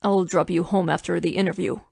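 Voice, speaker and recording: In a dry, close audiobook recording with no echo, a woman performs a full character voice for a commanding billionaire man in his thirties. She pitches his lines low and steady, calm, firm, protective and insistent, at a fairly quick pace with a creaky, breathy edge.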